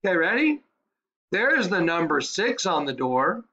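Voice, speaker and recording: A man's voice: high voice, big pitch swings, unhurried, pushed and bright, rough recording. A man teaching the Bible in a fervent, conversational way, often asking his listeners if they are ready. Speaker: preacher. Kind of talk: screen-share Bible teaching.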